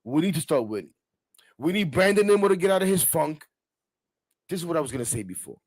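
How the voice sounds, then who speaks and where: A man's voice: on the high side, quick pace. Heated, rambling sports podcast host, man. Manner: animated, rambling, swears freely, gets heated. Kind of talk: casual sports talk podcast.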